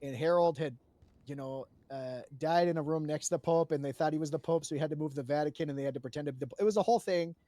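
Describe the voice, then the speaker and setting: A man with a somewhat high voice tells a roleplay story to a panel in a loose, rambling way. He restarts his sentences often and swears freely. The sound is close and dry. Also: fast talker, mellow, dry recording.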